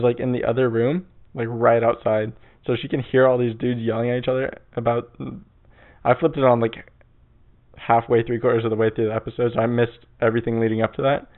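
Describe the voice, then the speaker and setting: A man hosting his own podcast in casual chat, rambling and swearing with lots of fillers. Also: medium pitch. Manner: rambling, profane, full of fillers. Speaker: podcast host. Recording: tinny phone-like sound.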